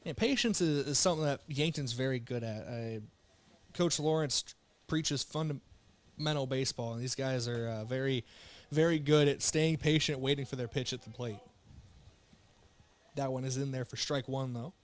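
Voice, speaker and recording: A young man from South Dakota calling baseball play-by-play with relaxed, joking banter between pitches while fighting the hiccups. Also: normal speed. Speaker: play-by-play announcer.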